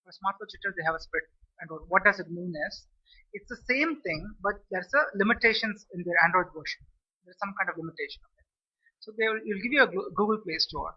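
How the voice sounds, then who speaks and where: A man's voice: sits high, quick pace, slightly rough. A man giving a rambling, casual tech explanation for a vlog, often restarting sentences and checking in with "okay?". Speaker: tech vlogger. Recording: distant, dull lo-fi mic.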